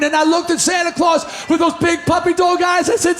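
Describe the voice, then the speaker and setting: High-voiced guy yelling a story at the crowd, lots of room echo, faint music. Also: little pitch movement, fairly quick. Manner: shouting, rowdy, storytelling. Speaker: rock singer telling a story on stage. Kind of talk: shouted stage monologue.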